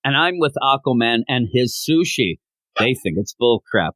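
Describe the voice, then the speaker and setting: A man's voice: medium pitch, no echo. A man co-hosting a comic book podcast, retelling scenes in a casual chat and acting out the characters' lines. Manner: animated, acts out characters' lines in quick voices. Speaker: podcast co-host.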